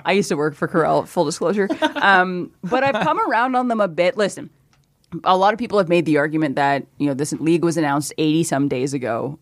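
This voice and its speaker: A woman's voice: low-pitched, lively intonation, brisk, no echo. A woman guesting on a podcast in a studio, blunt and opinionated, swearing freely in casual chat. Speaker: guest co-host.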